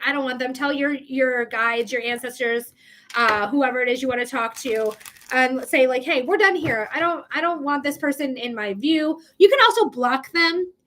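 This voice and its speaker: A woman's voice: sits high, fairly bright tone. A woman hosting a live tarot reading, chatty and emphatic, who swears casually. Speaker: psychic reader, livestream host.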